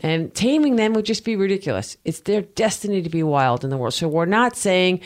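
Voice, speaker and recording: A man's voice: sits high, lively intonation, brisk. Playful male podcast co-host. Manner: playful, joking. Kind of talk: casual podcast chat.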